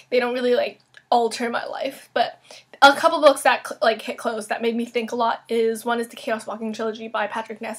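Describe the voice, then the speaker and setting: A young woman book vlogger answering viewer questions in a chatty, quick way, full of "like" and "um". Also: a little high, husky. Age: young adult. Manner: chatty, quick, with frequent "like" and "um" fillers. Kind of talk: casual Q&A vlog. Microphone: camera mic.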